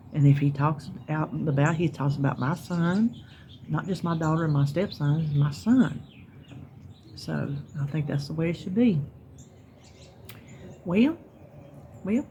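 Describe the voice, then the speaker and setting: She speaks in a mellow voice that sits low, with a little hiss or hum underneath. A middle-aged woman from North Carolina with a Southern accent, she's vlogging from her yard, chatting casually and folksily amid chirping birds.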